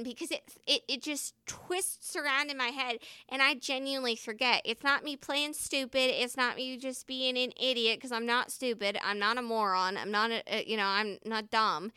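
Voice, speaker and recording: A bright, clear-voiced woman talks in a loose, rambling way, swearing often and speaking her mind. She pitches a little high and sounds close and dry, like a casual vlog. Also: dry recording. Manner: candid, swears freely, rambling. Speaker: first responder.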